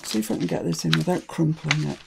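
A woman's voice: sits low, huge pitch swings, fast, gravelly, noisy background. A British woman hosting a crafting tutorial, chatting and thinking aloud as she works. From United Kingdom.

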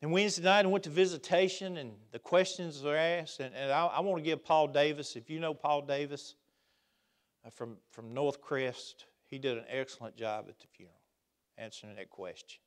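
A man preaching a sermon in a church, swinging between loud emphatic outbursts and quiet asides. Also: a little high, steady tone, moderate pace. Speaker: pastor. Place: church sanctuary.

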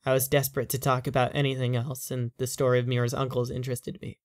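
Brief: horror story narrator, mid-pitched voice, even reading, dry close mic. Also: quick pace, hardly any pauses, dry recording.

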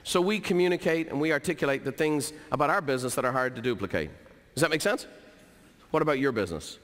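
Middle-aged man as a keynote speaker, lively storytelling, slightly high pitch, long hall echo. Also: fast talker. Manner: energetic, storytelling, repeats for emphasis. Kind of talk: motivational business talk. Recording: hall reverb.

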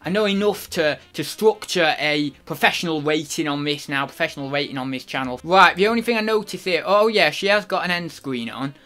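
Bright-voiced rambling man. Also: on the high side, lively intonation, a little fast, hardly any pauses. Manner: rambling, chatty, many fillers. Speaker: YouTuber reviewing channels. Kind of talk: casual vlog commentary.

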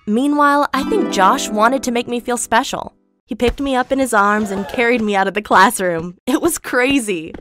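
A woman's voice: on the high side, normal speed, a bit bright, faint music behind. A woman narrating a first-person storytime in a gleeful, gossipy way.

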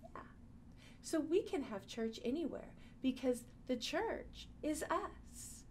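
A woman teaching a preschool Bible class, talking gently and in a sing-song way to small children. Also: high voice, animated, slow pace, slight background noise.

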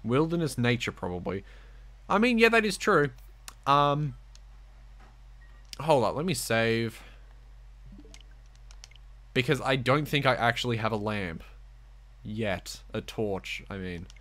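A man giving rambling, goofy gameplay commentary, baby-talking to the game's wolf and swinging from soft mumbles to loud excited outbursts. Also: medium pitch, takes it slowly, long pauses. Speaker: gameplay streamer.

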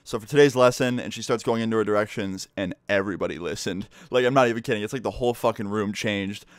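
A man's voice: on the low side, fairly even intonation, fast, no room sound, studio quality. A young man telling a school story in a casual storytime vlog, cursing freely and talking animatedly. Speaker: vlogger.

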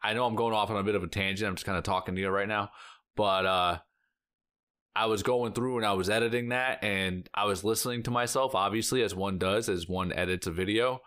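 A man's voice: fairly low pitch, steady tone, brisk, fairly bright tone, clean tone. A man talking casually to his viewers as a reaction vlog host, rambling with lots of "like" fillers and emotional sighs and exclamations. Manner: rambling, heavy use of filler "like".

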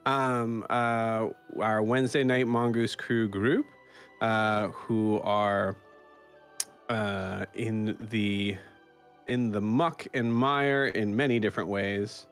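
A man's voice: on the low side, fairly even intonation, takes it slowly, fairly bright tone, clean tone. Man, dungeon master, rambling, lots of ums, faint music behind. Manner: rambling, many fillers and restarts. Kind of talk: casual tabletop game hosting.

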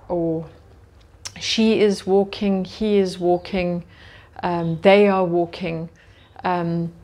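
A woman teacher leading a slow vocabulary drill, saying each word carefully and then giving its meaning. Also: lowish voice, darkish tone. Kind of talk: slow, deliberate vocabulary lesson.

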